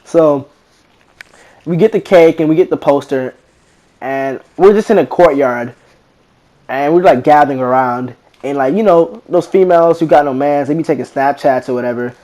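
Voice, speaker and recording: Teenage guy, slangy casual storyteller, fairly high-pitched, animated quoting. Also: normal speed. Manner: slangy, rambling, animated retelling with quoted voices. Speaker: vlogger.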